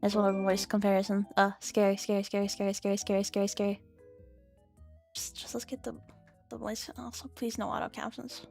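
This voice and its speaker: A woman's voice: medium pitch, level tone, a little fast, gravelly, a little mellow, faint music behind. Laughing, foul-mouthed woman streamer. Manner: laughing, swearing, self-mocking. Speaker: VTuber streamer. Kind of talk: casual livestream chat.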